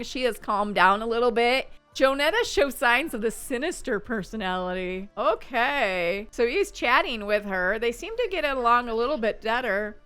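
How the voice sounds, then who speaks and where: A woman's voice: on the high side, a bit bright, clear, resonant tone. A woman hosting a gaming channel, chatting her way through gameplay with little gasps and exclamations. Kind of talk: casual let's-play commentary.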